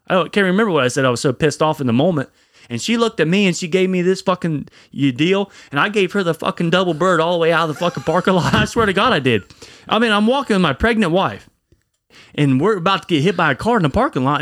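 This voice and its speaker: A young man, a podcast co-host, telling a story in casual chat, animated and profane. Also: sits high, quick pace, no room sound, clean studio sound.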